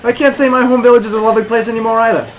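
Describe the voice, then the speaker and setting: A player voicing a cheery, chatty villager in a tabletop game, talking in a bright, friendly, sing-song way. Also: medium pitch, fairly even intonation, rapid-fire, a little hiss or hum, lightly acted, rough recording.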